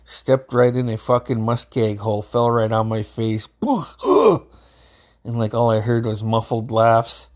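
A man's voice: fairly low pitch, little pitch movement, moderate pace, few pauses, a little mellow. A man in his thirties from Alaska, telling a casual, rambling story with lots of fillers and swearing. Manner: rambling, laid-back, frequent fillers and swearing.

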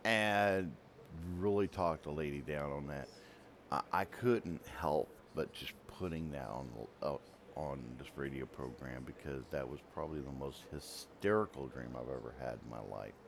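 This radio host and writer has an extremely low, gravelly voice and a moderate pace, telling a long story casually while wandering off and interrupting himself. Slight background noise is present.

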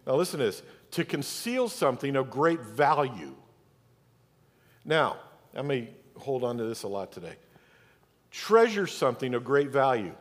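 A man's voice: medium pitch, sing-song, normal speed. A man preaching a Sunday sermon as pastor, emphatic and speaking directly to his congregation in a church. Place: church sanctuary. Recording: long church hall reverb.

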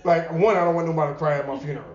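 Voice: medium pitch, steady tone, very fast. A podcast host chatting casually, with a laid-back, slangy and jokey way of reacting. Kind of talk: casual chat. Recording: echoey room, dull mic, chatter behind.

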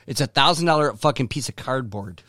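A male podcast host in a studio, swearing freely and laughing as he tells a story. His pitch swings widely as he talks, and the sound is dry and close, with no room echo. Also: brisk. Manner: profane, laughing, animated storytelling. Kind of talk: casual chat.

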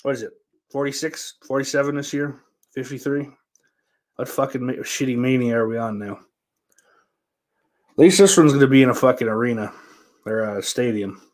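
A man's voice: mid-range voice, normal speed, pauses often. A man hosting his own show, talking in a loose, rambling, profanity-heavy monologue. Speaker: podcast host.

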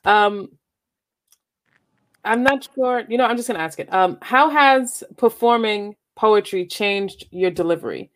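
A woman's voice: medium pitch, a little slow, a bit bright. A woman interviewing a poet, asking questions casually with hesitant fillers.

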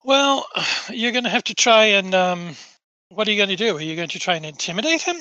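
A man's voice: high voice, lively intonation, brisk, sharp tone, no echo, low-quality recording. A man running a tabletop game as game master, casual and self-mocking, swearing now and then.

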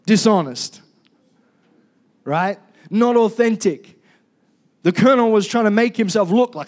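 A high-voiced male pastor delivering a sermon with loud, energetic drive. He keeps prompting the congregation to say key words back to him. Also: normal speed, long pauses.

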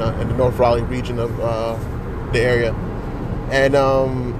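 A man's voice: mid-range voice, background noise. A man hosting a casual solo podcast from inside his car, rambling with many restarts as he vents his frustration. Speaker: podcast host.

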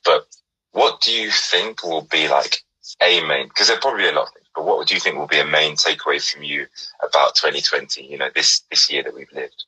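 A man's voice: rumbling low, steady tone, a little fast, pushed and bright, husky, poor audio. A man hosting a casual chat, upbeat and encouraging, rambling through stories. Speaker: host.

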